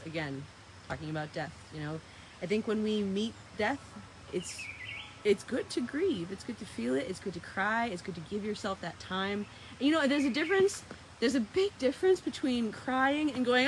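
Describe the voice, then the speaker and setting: A woman's voice: medium pitch, normal speed, slight background noise. A woman casually chatting to her viewers in a vlog, talking about surrender and going with the flow, and stopping to talk to dogs. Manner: chatty, spiritual, playfully talks to dogs. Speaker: vlogger.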